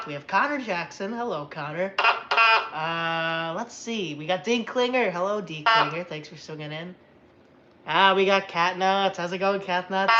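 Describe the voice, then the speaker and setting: A tired woman hosting a casual livestream, chatty and rambling and quick to get excited. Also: on the low side, lo-fi sound, a little hiss or hum. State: tired after a long day. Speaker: livestream host.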